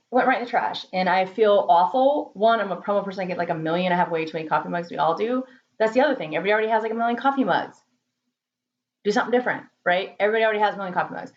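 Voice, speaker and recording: A woman's voice: lowish voice, dull audio. A woman marketing consultant talking casually in a vlog from her home office, chatty, laughing often and repeating words for emphasis.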